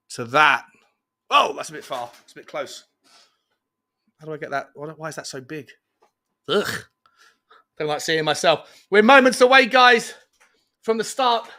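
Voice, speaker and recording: A man hosting a live fan watchalong stream, chatting excitably and reading out viewer comments. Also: medium pitch. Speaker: fan show host. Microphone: earphones with mic, webcam.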